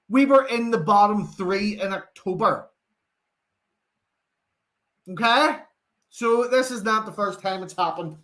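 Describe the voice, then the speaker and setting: Young Northern Irish male host, lively fan chat, higher-pitched delivery. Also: unhurried, pauses often. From Northern Ireland. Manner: chatty, animated, reads out viewer comments. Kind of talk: live football watchalong chat.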